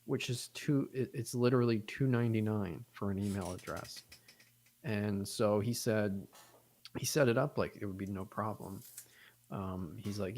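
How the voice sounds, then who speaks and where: A young man with a fairly low voice rambles through a story in loose podcast chat. He swears freely and slips into the voices of the people he quotes. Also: normal speed. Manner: rambling, profane, animated retelling with quoted voices. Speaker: podcast co-host.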